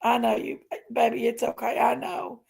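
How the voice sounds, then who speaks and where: A woman's voice: fairly high pitch, completely flat delivery, moderate pace, creaky, darkish tone, slightly rough. A woman hosting a casual livestream, ranting indignantly and emphatically while reading chat aloud. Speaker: live stream host.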